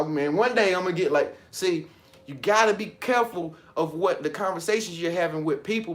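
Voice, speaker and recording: An animated man hosts a motivational talk in a slightly higher-than-usual voice. He preaches in loose, colloquial speech and often breaks into laughter. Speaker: motivational video host.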